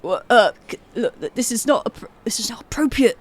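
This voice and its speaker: A woman's voice: fairly high pitch, lively intonation, fairly quick. A woman voicing a flustered older British mall Santa who stammers and sounds prim.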